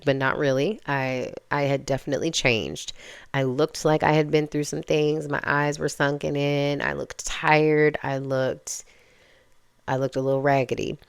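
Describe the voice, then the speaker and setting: Young woman vlogger, low smooth voice, dry close sound, candid chatty storytelling to her viewers. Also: no echo. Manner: candid and conversational, addresses viewers as y'all. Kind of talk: casual personal storytelling.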